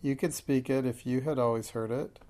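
A man voicing a thoughtful, imaginative young schoolgirl who talks in a calm, earnest, confiding way. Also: mid-range voice, moderate pace, lightly acted.

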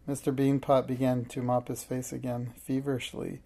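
A man narrating a children's storybook in a steady, plain reading voice. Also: mid-range voice, moderate pace, vocal fry.

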